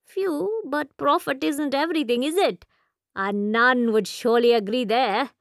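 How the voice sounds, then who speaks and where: A woman's voice: sits high, measured pace, no room sound, clean studio sound. A woman voicing an old shopkeeper. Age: older. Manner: genial, rambling, formal phrasing. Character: elderly male Indian shopkeeper, wry and talkative. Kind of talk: audiobook character voice.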